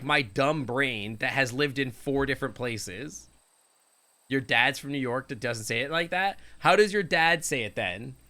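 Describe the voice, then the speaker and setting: A man's voice: medium pitch, bright, forceful tone. A Canadian man streaming a game live, rambling and joking with his viewers. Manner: rambling, jokey, chatting with viewers.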